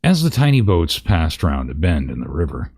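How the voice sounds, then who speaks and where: A man's voice: extremely low pitch, big pitch swings, moderate pace, a little mellow, breathy edge. A man reading a parody fantasy story aloud, breaking into laughs and profane asides.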